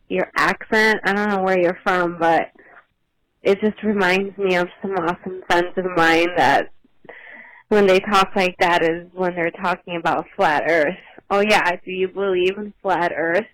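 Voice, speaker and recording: A woman's voice: on the low side, a bit bright. A woman leaving a friendly, giggly voicemail question for a podcast over a phone line. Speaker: caller.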